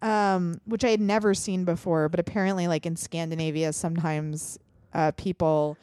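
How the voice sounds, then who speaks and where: A woman's voice: lowish voice, level tone, normal speed, darkish tone, dry recording. A woman hosting a podcast in casual chat, ranting emphatically and swearing often. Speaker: podcast host.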